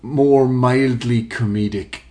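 A man's voice: mid-range voice, fairly even intonation, slow, darkish tone. A man in casual podcast chat, rambling, swearing and laughing often.

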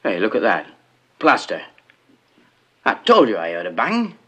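A grumbling older father from the north of England in a sixties film. His low, gruff voice swings widely in pitch. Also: huge pitch swings, measured pace, pushed and bright, exaggerated voice. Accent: northern English. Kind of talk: 1960s film acting.

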